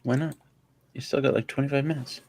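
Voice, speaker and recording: A man's voice: mid-range voice, steady tone, a little fast, darkish tone. A man chatting casually with a livestream host and trading teasing, jokey banter. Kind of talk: casual chat.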